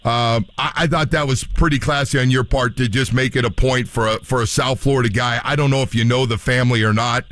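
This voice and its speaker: Rambling radio host asking questions. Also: male voice, mid-range voice, steady tone, brisk, hardly any pauses, fairly bright tone, no room sound. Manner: rambling questions with many fillers. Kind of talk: radio interview.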